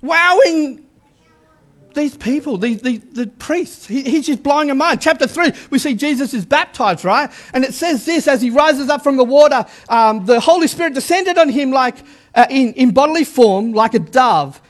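A middle-aged man, a pastor, preaching a lively sermon and repeating his key lines for emphasis. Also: very high voice, moderate pace.

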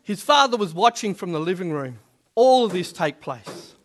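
A man's voice: high voice, expressive, moderate pace. A man preaching a sermon, praying and then telling a story, repeating key words for emphasis. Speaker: pastor. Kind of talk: sermon with opening prayer.

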